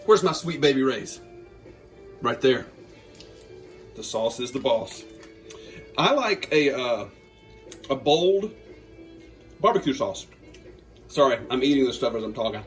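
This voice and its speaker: A man's voice: medium pitch, sing-song, unhurried, long pauses, faint music behind, poor audio. A man with a Georgia accent hosting a casual cooking demonstration, joking and talking to viewers while he cooks. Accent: Southern US, Georgia. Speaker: home cook and channel host.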